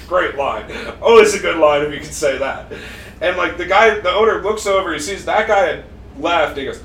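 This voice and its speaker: A man's voice: fairly high pitch, fairly quick, a bit bright, far from the mic. A man hosting a podcast, telling a story with lots of laughter and swearing. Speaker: podcast host. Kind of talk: animated storytelling. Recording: echoey room, off-mic, faint hiss.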